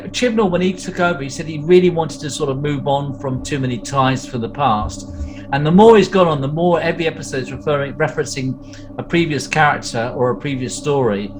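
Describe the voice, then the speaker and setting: A man's voice: fairly high pitch, a little fast, rough recording. A man hosting a casual podcast chat, rambling through details with plenty of fillers. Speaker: podcast host. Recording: audible background noise.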